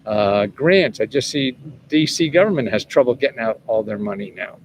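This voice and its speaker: A man's voice: medium pitch, animated, moderate pace, slight background noise. A man in his seventies, chatting casually and rambling as he answers viewers' questions, chuckling often and swearing freely. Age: 70s. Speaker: host answering viewers' questions about government money. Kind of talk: casual livestream chat.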